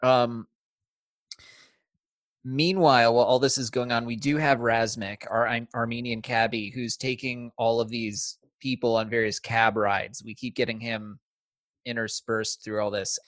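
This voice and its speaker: Podcast co-host, male, chatty and profane, close dry mic, mid pitch. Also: flat delivery, a little slow, a bit bright, no echo. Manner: chatty, swears, laughs easily. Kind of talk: casual film discussion.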